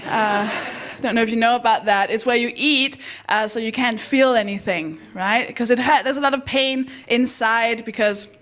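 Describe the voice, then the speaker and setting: A woman with a notably high voice performs stand-up with dry, self-mocking delivery. She breaks now and then into shrill, excited voices for the people in her stories. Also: moderate pace, few pauses. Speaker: stand-up comedian and compere. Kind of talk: stand-up comedy set.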